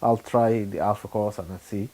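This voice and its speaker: A middle-aged man from Sudan, giving a personal testimony in a halting, unhurried way with frequent pauses and fillers. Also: lowish voice, steady tone, warm tone. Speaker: churchgoer giving his testimony.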